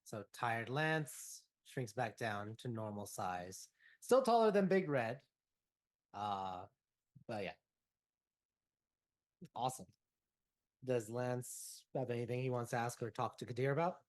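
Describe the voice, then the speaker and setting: A man narrating as game master of a tabletop role-playing game, relaxed and prompting each player in turn. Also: medium pitch, measured pace, long pauses.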